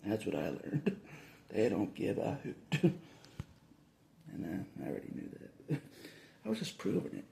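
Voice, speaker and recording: Gravelly man, chuckling through a ramble. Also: on the low side, big pitch swings, a little slow, long pauses, warm tone, reverberant. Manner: chuckles between phrases, repeats himself. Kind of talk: rambling casual monologue.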